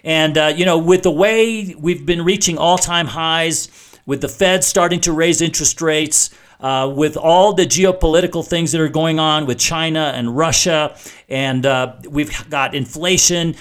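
Middle-aged man, talk radio host, slightly high voice, chatty and explanatory. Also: a little slow, fairly bright tone. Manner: conversational, explanatory, frequent restarts. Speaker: radio finance show host.

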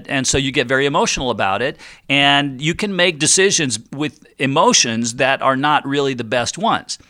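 A man's voice: mid-range voice, pushed and bright. A middle-aged man hosting a financial radio talk show, chatty and playful, often acting out worried investors in quoted voices. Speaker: radio show host and retirement planner.

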